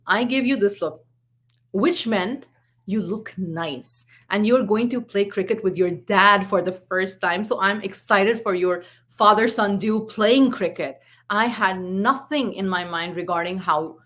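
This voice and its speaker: A woman's voice: medium pitch, moderate pace. Woman in her 40s coaching parents, earnest, tells stories, acts out the back and forth. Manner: earnest, storytelling with acted quotes. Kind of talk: live parenting talk.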